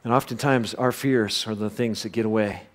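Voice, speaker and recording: Speaking at a normal speed, a pastor preaches a sermon built around a lively story. Loud bursts come suddenly, and he sinks into a soft, low voice for reflective points.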